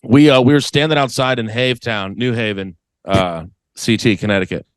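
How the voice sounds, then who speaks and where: A man's voice: medium pitch, fairly quick, smooth, no echo, rough recording. A man co-hosting a comedy podcast, telling a story in casual chat and acting out the people in it. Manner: animated storyteller acting out other people's voices. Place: podcast studio.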